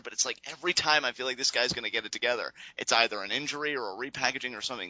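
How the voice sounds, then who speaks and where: A man's voice: mid-range voice, sharp tone, no echo, rough recording. A man co-hosting a casual wrestling review podcast, talking in a hesitant, rambling way. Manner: hesitant, rambling, many fillers and restarts. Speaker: podcast co-host.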